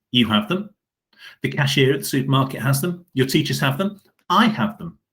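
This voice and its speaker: A man's voice: mid-range voice, a bit bright. A man leading a school assembly, speaking directly to children in an encouraging, upbeat way.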